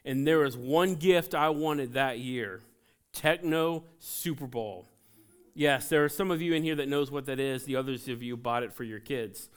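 A man in his forties from Ohio preaching a sermon in a church, conversational and joking, telling animated personal stories. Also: fairly high pitch, smooth. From Ohio, USA. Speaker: pastor. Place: church sanctuary.

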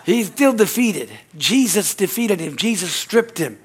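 A man's voice: lively intonation, unhurried, slightly rough. A male pastor preaching energetically, calling out amen and hallelujah and acting out little dialogues. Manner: acts out little dialogues with sudden high-pitched voices. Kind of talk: sermon.

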